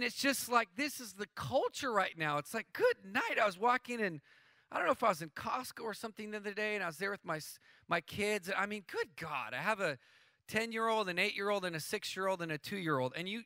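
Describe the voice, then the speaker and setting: A man in his thirties preaching a sermon, his voice high and bright. He talks in a loose, excitable way, full of slang and restarts, and now and then he breaks into loud bursts of emphasis. The sound is close and dry. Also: no room sound. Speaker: worship leader preaching. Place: church.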